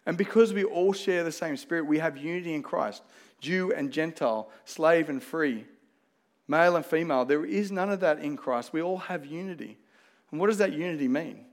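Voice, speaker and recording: A man's voice: fairly high pitch, normal speed. A man with an Australian accent preaching a sermon, earnest and conversational, weaving in personal stories. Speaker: pastor.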